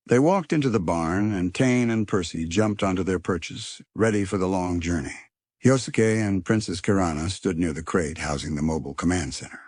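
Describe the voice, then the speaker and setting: A man narrating a children's storybook in an expressive reading voice. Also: deep voice, normal speed, no echo, clean studio sound.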